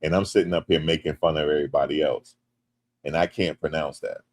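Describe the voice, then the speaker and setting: Deep-voiced joking American man streaming. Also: brisk. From United States. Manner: animated and joking, rising loud when teased. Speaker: livestream host. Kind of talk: casual livestream chat, reading comments.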